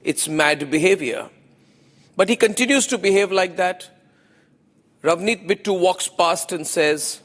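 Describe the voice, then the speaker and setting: A man's voice: sits high, a little slow, pauses often, a bit bright, in a large hall. A man with an Indian English accent, delivering an opinionated TV news monologue as anchor, emphatic and repeating phrases for effect.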